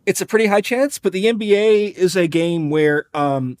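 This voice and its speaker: A man with a somewhat raised pitch talks through betting odds and team records in an analytical, wry podcast manner. He moves from number to number with a conversational, explanatory flow. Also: normal speed. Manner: wry, explanatory, numbers-heavy, drops casual profanity. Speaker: podcast co-host.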